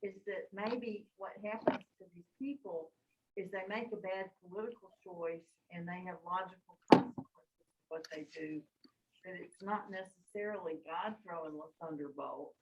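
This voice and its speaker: A woman's voice: on the low side, moderate pace. Woman in a dull, noisy recording. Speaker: study group participant. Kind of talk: casual group discussion. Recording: dull lo-fi recording with background noise.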